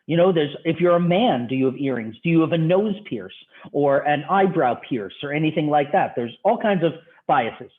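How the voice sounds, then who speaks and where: A man's voice: on the high side, animated, moderate pace. A male university instructor giving an online class lecture in a conversational way, firing off rhetorical questions to his students. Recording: tinny phone-like audio.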